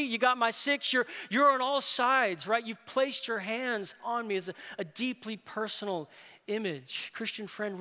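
Bright-voiced man preaching in a reverberant hall. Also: sits high. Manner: earnest, often ends points with a tag "right?". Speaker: pastor. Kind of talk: sermon.

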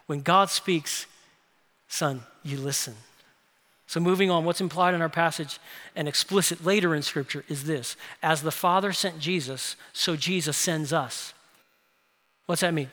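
A man preaching a Sunday sermon, his voice high and bright. He presses his points with earnest rhetorical questions, and the sound carries a long reverb through a large church sanctuary. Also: measured pace. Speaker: pastor.

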